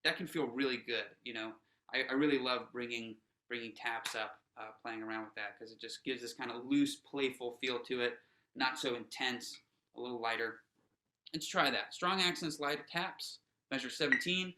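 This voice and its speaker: A man of middling pitch coaches drummers through a workshop, talking loosely with plenty of "um" and "you know" and counting the group in. His voice is bright and forward. The room around him rings with a roomy echo. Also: moderate pace, slight background noise. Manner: casual, encouraging, many fillers and restarts; counts players in aloud. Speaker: snare drum instructor. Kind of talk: teaching a workshop lesson.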